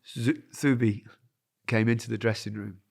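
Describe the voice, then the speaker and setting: A man's voice: lowish voice, fairly even intonation, moderate pace, vocal fry, darkish tone. A man in his sixties from England, a former footballer hosting a podcast, telling rambling anecdotes in casual chat. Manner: rambling anecdotal storytelling with laughs.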